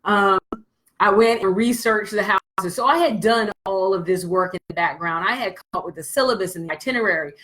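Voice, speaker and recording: A woman business coach shares a candid motivational story with her audience, blunt, animated and swearing freely. Her voice is medium-pitched and a little fast, and the audio quality is poor.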